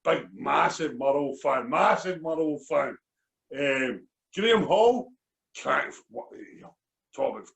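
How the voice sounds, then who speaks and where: Scottish bloke, keeps saying listen, repeats everything, highish voice. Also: male voice, vocal fry, fairly bright tone. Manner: emphatic, repeats himself, says listen. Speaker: podcast co-host. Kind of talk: casual chat.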